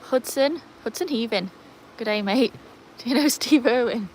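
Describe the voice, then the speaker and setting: A woman's voice: fairly high pitch, moderate pace, a little mellow, slight background noise, rough recording. An English woman hosting a casual livestream outdoors, chatting with viewers and greeting them by name. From England. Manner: baby-talks and calls to the dogs. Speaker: livestream host with dogs. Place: outdoors by a pool in sunshine.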